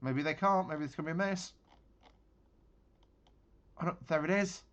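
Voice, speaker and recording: A man's voice: fairly high pitch, normal speed, fairly bright tone, slight background noise. Man rambling over a war game. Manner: thinking aloud, rambling with frequent restarts. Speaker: gaming channel host. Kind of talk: casual gameplay commentary.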